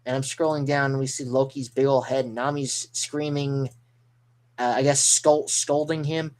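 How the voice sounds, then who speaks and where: A man giving live reaction commentary as a manga reaction streamer, excitable and rambling, with mild swearing. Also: mid-range voice, unhurried.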